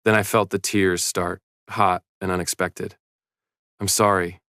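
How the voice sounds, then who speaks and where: A man reading a first-person story aloud in steady scripted narration. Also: low voice, unhurried, clear, resonant tone, no room sound, studio quality.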